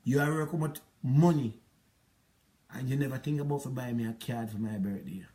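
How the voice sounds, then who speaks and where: A man's voice: mid-range voice, normal speed, mellow. A middle-aged man with a Jamaican accent, rambling through an aggrieved spoken account of a past relationship. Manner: rambling, aggrieved, patois-inflected storytelling. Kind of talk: monologue recounting a past relationship.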